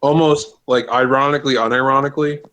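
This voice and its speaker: A man's voice: medium pitch, fairly even intonation, fast, over a noisy crowd, low-quality recording. A man from Boston with a Boston accent, chatting casually in a laid-back, dry way. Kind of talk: casual chat.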